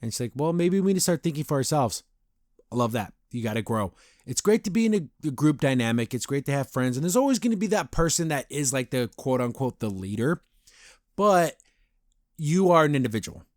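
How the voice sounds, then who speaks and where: A man hosting a casual review podcast, rambling from point to point and laughing as he goes. His voice sits at a middling pitch and is recorded close and dry, with no room sound. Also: very animated, brisk, no room sound. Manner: rambling, acts out quotes, laughs often. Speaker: podcast host reviewing a cartoon episode.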